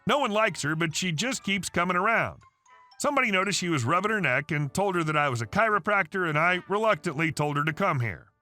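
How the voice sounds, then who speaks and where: A man voicing a calm, firm father in his fifties who owns a clinic. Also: high voice, fairly quick, faint music behind. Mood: explaining.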